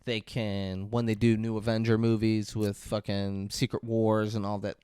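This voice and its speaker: Profane, animated male podcast co-host. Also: on the low side, normal speed, clear, resonant tone, dry recording, studio quality. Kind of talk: casual chat.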